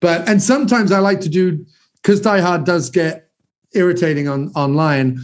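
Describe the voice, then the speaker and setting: A man in his forties hosts a podcast, rambling enthusiastically about films and swearing casually. His voice sits high and he speaks at normal speed.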